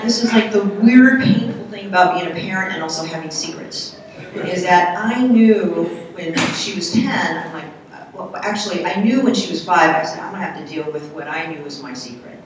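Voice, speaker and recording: A middle-aged woman speaking on a panel, telling a personal story in a candid, halting, soft-spoken way. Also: medium pitch, very noisy. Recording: echoey hall from far off.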